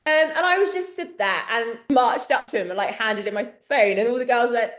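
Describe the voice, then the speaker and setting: A woman's voice: fairly high pitch, moderate pace, fairly bright tone, echoey room. An English woman co-hosting a podcast, telling stories in casual chat and laughing often. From England. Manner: chatty storyteller, laughs often. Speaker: podcast co-host.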